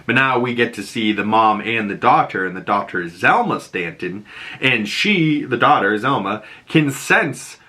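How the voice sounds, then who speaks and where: Casual male recapper, rambling and chatty, bright tone. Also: medium pitch, lively intonation. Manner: rambling, fast, full of "like" and "you know". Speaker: show recapper.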